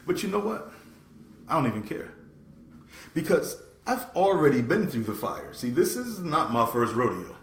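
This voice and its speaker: A man hosting a passionate motivational talk, preaching with sudden swings from loud to soft. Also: fairly high pitch, reverberant. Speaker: host. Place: room.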